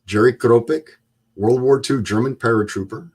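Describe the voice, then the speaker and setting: A man in his seventies, a guest, telling stories in a plain-spoken, measured way. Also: medium pitch, a little mellow, slightly rough. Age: 70s. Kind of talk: storytelling interview.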